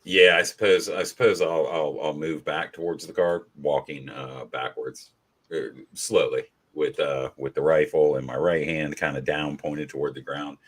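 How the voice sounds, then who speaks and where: Very deep, forceful male player. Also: steady tone, moderate pace. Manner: hesitant, filler-heavy. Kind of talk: playing a tabletop game.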